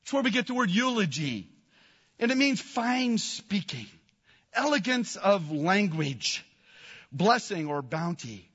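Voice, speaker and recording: Male pastor preaching a sermon, high and bright-toned, animated storyteller, dull hall sound. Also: measured pace, husky. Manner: animated storytelling preacher, rising to excited shouts.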